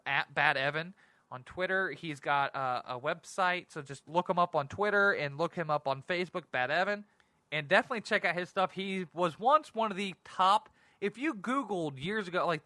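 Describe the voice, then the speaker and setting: A man hosting a casual solo talk show, rambling and excitable, often laughing at himself. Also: fairly high pitch, dry recording. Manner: rambling, giggly, self-deprecating; excitable and animated. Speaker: podcast host.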